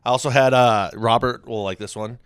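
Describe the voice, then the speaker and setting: A man's voice: medium pitch, fairly even intonation, brisk, smooth, dry recording. A man co-hosting a casual podcast, trading dry jokes and laughing at his own lines. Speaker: podcast co-host.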